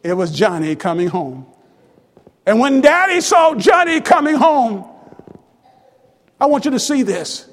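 A man preaching a sermon with fervent repetition that rises to shouts. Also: extremely high pitch, big pitch swings, unhurried, pauses often. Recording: long reverb of a large hall.

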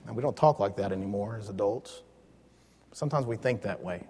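A man teaching a Bible lesson in a relaxed, joking way, leaning hard on key words. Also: lowish voice, brisk, husky, in a large hall.

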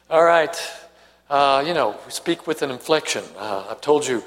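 Southern guy from tennessee teaching bible study, kinda high voice, echoey hall sound. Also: expressive, normal speed. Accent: Southern US, faint. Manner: conversational, asks the class questions, reads scripture aloud. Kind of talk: bible study lesson to a small class.

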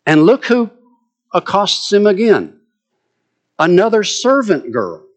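A man's voice: high-pitched, sing-song, slow. A man preaching a sermon, retelling a story with drama and vivid asides.

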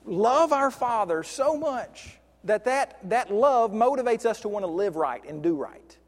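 Male preacher, conversational sermon, restarts, stretches key words; high-pitched, reverberant hall sound. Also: animated. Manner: conversational, with frequent restarts and slow stressed words.

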